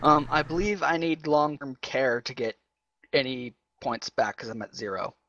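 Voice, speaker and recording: A man's voice: medium pitch, normal speed, sharp tone, dry recording, dull audio. A man playing a tabletop game, talking casually with a few hesitations. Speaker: player.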